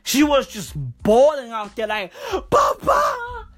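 A woman with a husky voice, doing a profane, slang-heavy comic rant. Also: high-pitched, takes it slowly, soft background music. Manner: profane, repetitive, animated slang. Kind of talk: comedic rant monologue.

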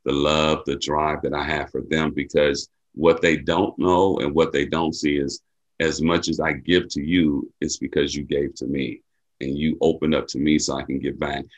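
A man's voice: a bass voice, level tone, moderate pace, dull audio. A man from Milwaukee, an athletic director and mentor, answering interview questions in an earnest, heartfelt way that often repeats a phrase. He gets emotional as he speaks. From Milwaukee, USA. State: emotional, near tears.

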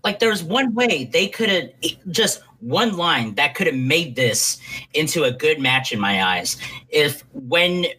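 A man's voice: a little high, very animated, measured pace, sharp tone, husky, rough recording. A man co-hosting a casual wrestling podcast, emphatic, acting out what a wrestler should have said. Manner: emphatic, acts out lines. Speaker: podcast co-host.

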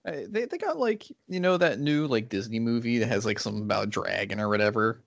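Lively young man chatting dryly. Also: mid-range voice, quick pace, gravelly, dry recording. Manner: joking, rambling with many fillers. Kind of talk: casual chat.

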